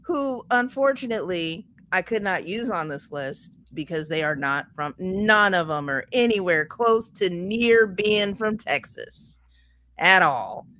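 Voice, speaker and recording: A woman's voice: on the low side, expressive, a bit bright. A woman from Kansas with a Kansas accent, co-hosting a casual podcast chat and often laughing. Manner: giggly, playful, drawn-out words. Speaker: podcast co-host.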